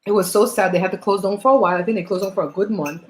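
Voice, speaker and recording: Woman gabbing and telling stories over dinner, mid pitch, echoey room on a laptop mic. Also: rapid-fire. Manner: chatty storyteller, animated. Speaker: host. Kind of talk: casual chat while eating on a livestream. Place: home.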